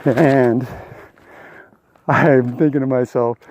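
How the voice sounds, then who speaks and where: A man's voice: mid-range voice, unhurried, pauses often, highs cut off. An older man vlogging his thru-hike outdoors on a mountain trail, telling a long story in a casual, rambling way. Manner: rambling storytelling with many uh fillers.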